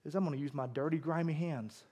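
A preacher playing a laid-back, cheeky man at a dinner table, speaking low and teasing. He sounds unbothered and a little defiant, taunting those around him. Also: quick pace, warm tone, husky. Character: calm, cheeky grown man defying dinner rules.

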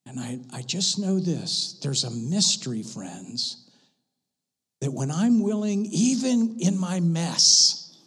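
A man preaching a sermon to his church, swinging from loud passionate bursts to hushed, intimate lines. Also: on the high side, sing-song, slow, husky, in a large hall. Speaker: pastor. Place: church sanctuary.

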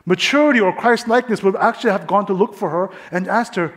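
Animated storytelling preacher man, higher voice. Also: quick pace, hardly any pauses. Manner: animated storyteller, acts out quoted voices, drops to hushed tones. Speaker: pastor. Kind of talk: sermon with storytelling.

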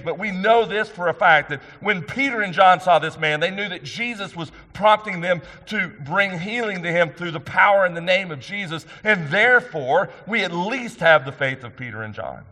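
A man's voice: high-pitched, normal speed, hardly any pauses, bright, forceful tone. A middle-aged man pastor delivering an earnest, emphatic sermon, asking the congregation questions. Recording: long hall reverb.

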